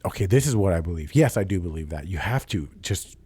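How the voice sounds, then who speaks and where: Low, dark-voiced young man rambling. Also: expressive, fast, breathy edge. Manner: rambling, profane, confessional storytelling. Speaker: podcast host. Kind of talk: casual solo podcast monologue.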